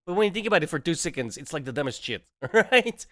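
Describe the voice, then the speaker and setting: A man's voice: fairly high pitch, lively intonation, rapid-fire. A man who is not a native English speaker, streaming casual reaction commentary in a mocking, sarcastic tone, laughing often and dropping slang like bro and man.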